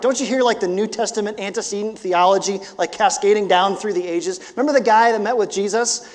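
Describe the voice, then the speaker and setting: A pastor in his forties preaches with a high, bright-edged voice, moving between casual asides and emphatic bursts. His words ring out with a long reverb trailing behind them in the hall. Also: a little fast, few pauses. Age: 40s. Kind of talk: sermon.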